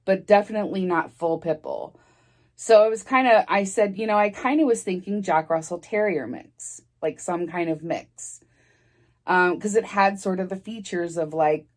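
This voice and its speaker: A woman telling a personal story in a casual storytime vlog, rambling with many fillers and restarts and laughing as she talks. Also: fairly low pitch.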